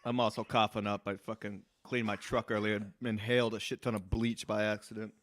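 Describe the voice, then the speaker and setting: A man's voice: fairly low pitch, level tone, no room sound. A man co-hosting a casual podcast, rambling and swearing as he tells stories. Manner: rambling, profane, quick laughs. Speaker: podcast co-host.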